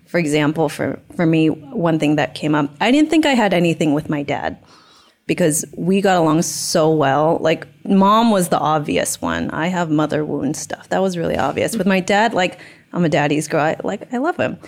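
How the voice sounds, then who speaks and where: A woman's voice: deep voice, animated, normal speed. A young woman telling a personal story candidly in a casual podcast chat, acting out quoted dialogue.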